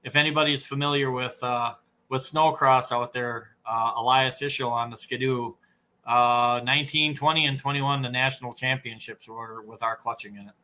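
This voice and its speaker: Man, upper midwest american accent, bright forceful voice, rambling storyteller, lots of uh and you know. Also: medium pitch, steady tone, moderate pace. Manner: rambling, many fillers and restarts. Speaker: snowmobile clutch tuner, podcast guest. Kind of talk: casual storytelling interview.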